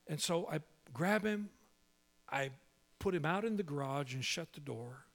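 A male pastor telling a humorous story in a sermon, animated and full of quick restarts. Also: a little high.

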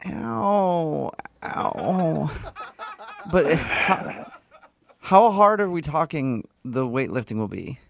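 A man's voice: fairly high pitch, very animated, takes it slowly, gravelly. A man, a radio host, making a prank phone call in a whiny, squeamish, complaining manner.

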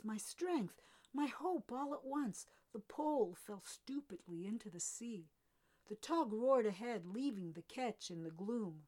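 A woman giving an expressive first-person reading from a novel, with dramatic rises and drops. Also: sits high. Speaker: reader. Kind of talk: scripted narration of a novel.

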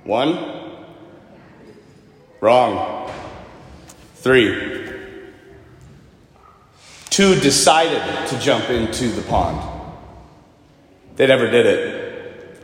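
Priest preaching in an echoey church. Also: male voice, mid-range voice, expressive, drawn-out words, pauses often. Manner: storytelling homily, conversational, acts out quoted voices. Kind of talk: sermon. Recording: echoey church with long reverb.

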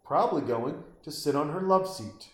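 Watching a movie, a man with a slightly high voice rants through a comedic, profane commentary at a moderate pace, and the recording is reverberant. He swears, stays animated, mocks the characters, and acts out little voices.

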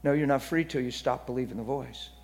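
A man preaching a sermon in a church hall, telling stories in a voice that drops to hushed near-whispers and then rises to loud, excited bursts. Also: medium pitch, fast talker. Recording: long hall reverb.

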